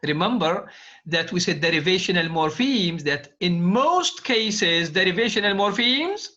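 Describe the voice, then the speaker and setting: Male lecturer, slow and repetitive, drills students with questions, high voice. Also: expressive, pushed and bright. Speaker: university linguistics lecturer. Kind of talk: classroom lecture. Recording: dull lo-fi classroom recording.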